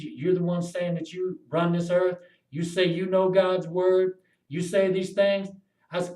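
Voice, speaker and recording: A high-voiced man talks straight to camera in a long, rambling monologue. He curses freely and lurches between loud outbursts and low, muttered asides. His voice rings around an echoey room. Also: steady tone, a little slow. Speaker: video blogger.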